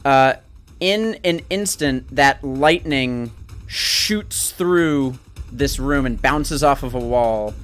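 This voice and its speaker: A man's voice: medium pitch, slow, fairly bright tone, clean tone, faint music behind. A man narrating a tabletop role-playing game as game master, with vivid descriptions.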